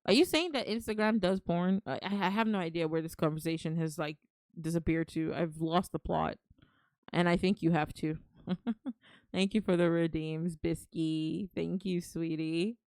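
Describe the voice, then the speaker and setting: Lower-voiced chatty woman streamer. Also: moderate pace, a little mellow, no echo, studio quality. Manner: chatty, affectionate, calls viewers darling. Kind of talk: casual live-stream chat.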